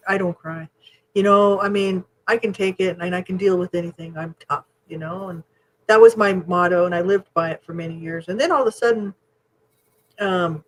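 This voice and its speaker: Frank, husky-voiced woman podcast host. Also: on the low side, rough recording. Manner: frank and animated, swears casually. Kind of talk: casual chat.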